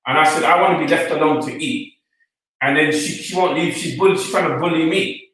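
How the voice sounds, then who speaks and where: A man telling an animated story as an interview guest, acting out the other people's lines in quotes. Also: fairly high pitch, a little fast, recorded from a distance. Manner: retells the scene, voicing each person in quoted lines. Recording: echoey room, speaker off-mic.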